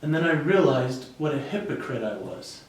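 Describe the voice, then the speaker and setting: A man with a high, lively voice tells a personal story and slips into the voices of the people in it. He sounds middle-aged and speaks as a practiced keynote speaker. The sound is roomy and echoing, and he sits back from the mic. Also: moderate pace, recorded from a distance. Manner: lively and expressive, acting out the people in his stories. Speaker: guest, keynote speaker and comedian. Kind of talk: animated storytelling in a podcast interview. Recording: echoey room, voice away from the mic.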